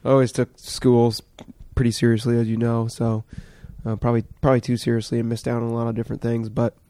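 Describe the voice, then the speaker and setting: A man's voice: medium pitch, monotone, quick pace, mellow, no echo. A man hosting a podcast, talking loosely with an old friend and swearing freely. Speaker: podcast host. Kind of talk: casual conversation with a friend.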